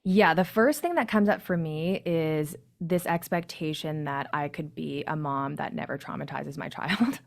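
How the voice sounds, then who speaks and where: Woman, 30s, low voice, reflective podcast guest. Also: moderate pace, creaky, few pauses. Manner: candid, reflective storytelling. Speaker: podcast guest, parenting coach. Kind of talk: casual podcast conversation.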